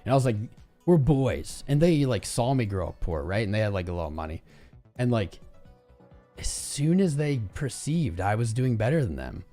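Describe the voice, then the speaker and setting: A man's voice: mid-range voice, normal speed, faint music behind. A young man hosting a crypto trading livestream, ranting casually and talking straight to his viewers with slang like "man" and "bro". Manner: animated, slangy, talks to viewers as "guys" and "man".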